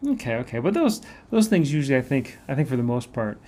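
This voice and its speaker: A man's voice: mid-range voice, very animated, fast, darkish tone. Chatty southern man hosting. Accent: Southern American. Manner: chatty storyteller, laughs easily. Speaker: host. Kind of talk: casual conversation.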